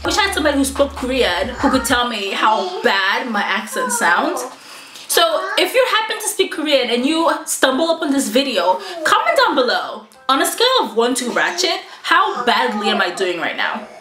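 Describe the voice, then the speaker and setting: Laughing often, a US woman vlogger practices phrases out loud with playful self-mockery in casual talk. Her fairly high voice is very animated at a moderate pace, with a crowd behind her and background music in a roomy room.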